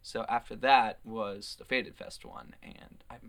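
A man's voice: on the low side, steady tone, a little slow, fairly bright tone. A man in his twenties, a band musician, chatting as a guest in a hesitant, rambling way with lots of fillers. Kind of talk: casual conversational chat.

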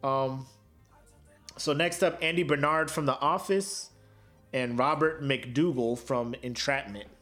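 A man's voice: medium pitch, takes it slowly, fairly bright tone, faint music behind. A man co-hosting a podcast in casual chat, joking and slangy, laughing often. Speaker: podcast co-host.

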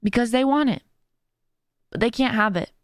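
Speaking at a moderate pace in a voice on the high side, a woman is heard in a dry, studio-quality recording. She runs and streams her own podcast, casually offering earnest, faith-inspired encouragement from the heart.

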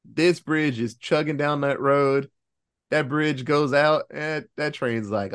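A man casually recapping a film on a podcast, his voice sitting a little high and swooping all over as he narrates. He acts out the characters' lines in quick asides. He cheers sarcastically and swears offhandedly as the story builds. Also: lively intonation. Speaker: podcast co-host reviewing a film.

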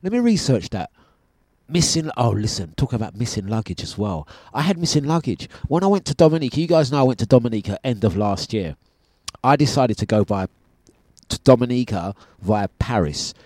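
A man hosting a breakfast radio show, chatting casually and telling animated stories with plenty of laughter. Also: mid-range voice, fairly quick, no room sound, studio quality. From United Kingdom. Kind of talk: casual on-air chat. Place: radio studio.

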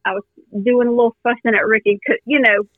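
A woman's voice: fairly high pitch, fast talker, dry recording. Woman telling a story over a tinny phone line. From Louisiana. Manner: animated, earnest, many fillers. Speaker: guest hunter. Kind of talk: storytelling in a podcast interview.

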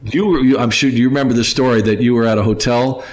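A man hosting a podcast in casual chat, rambling along with many pauses and restarts and speaking to the listeners as folks. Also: medium pitch, fairly even intonation. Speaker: podcast host.

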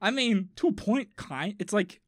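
A woman's voice: medium pitch, lively intonation, normal speed. A woman podcast host, chatting casually in a sarcastic, teasing way and swearing now and then. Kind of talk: casual chat.

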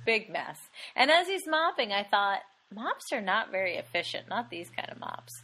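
A woman co-hosting a podcast, recapping a horror film in an animated, casual way. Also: mid-range voice, normal speed. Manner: animated, acts out characters' lines. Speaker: podcast co-host. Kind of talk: casual movie recap chat.

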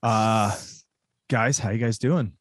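A man's voice: on the low side, steady tone, slow pace, dry recording. Rambling male podcast host, dry sound. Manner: loose, rambling, with fillers and restarts. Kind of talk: casual wrestling podcast chat.

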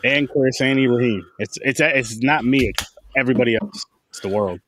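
A man's voice: medium pitch, a little fast, a bit bright, no echo. Laid-back male podcast host, dry sound. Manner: laid-back, swears casually, jokes with guests. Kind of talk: casual chat.

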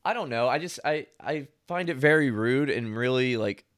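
A man's voice: medium pitch, animated, moderate pace, a bit bright, dry recording, clean studio sound. A man telling stories in casual chat, rambling with lots of "like" and frequent laughter.

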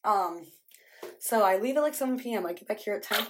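A woman's voice: medium pitch, lively intonation, a little fast, background noise. A young woman from the American Midwest, chatting casually to the camera in a vlog, scattered and exasperated, with lots of "like" fillers. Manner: frequent "like" fillers. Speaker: vlogger.

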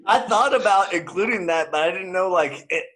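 A man's voice: high-pitched, fairly quick, fairly bright tone, rough recording. A man co-hosting a casual movie podcast, laughing often and rambling with lots of "like" fillers. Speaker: podcast co-host. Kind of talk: casual chat about movies.

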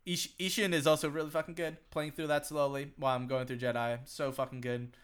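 A man's voice: fairly high pitch, flat delivery, brisk, smooth. A young man co-hosting a podcast, chatting casually in a rambling way, swearing a lot, laughing often and saying "like" constantly. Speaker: podcast co-host. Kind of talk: casual chat.

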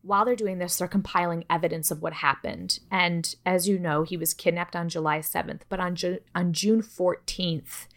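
A woman's voice: lowish voice, steady tone, moderate pace, hardly any pauses, fairly bright tone. A woman co-hosting a podcast, telling a true-crime story in a casual, chatty way, cursing freely and dropping joking asides. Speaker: podcast co-host.

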